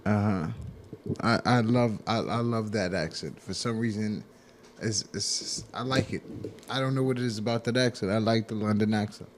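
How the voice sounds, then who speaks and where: A man's voice: fairly low pitch, normal speed, slight background noise. A man co-hosting a comedy radio show, chatting loosely and crudely, often repeating words. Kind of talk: casual banter.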